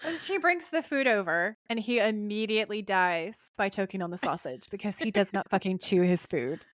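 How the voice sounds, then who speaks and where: A woman's voice: medium pitch, expressive, normal speed, no echo, studio quality. A woman with a British accent co-hosting a casual podcast, animatedly retelling a TV episode and acting out the characters' lines. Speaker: podcast co-host. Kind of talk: casual chat recapping a TV episode.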